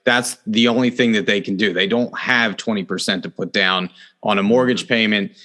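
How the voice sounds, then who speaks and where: Middle-aged male podcast host, earnest and animated, bright tone, fairly low pitch. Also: moderate pace. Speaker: podcast host, real estate agent. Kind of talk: casual interview chat.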